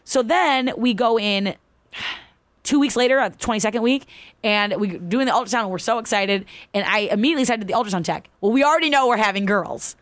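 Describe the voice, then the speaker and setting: A woman's voice: a little high, fast, no echo. A woman casually telling a personal story, acting out the voices of the people in it. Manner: animated, acts out quoted voices.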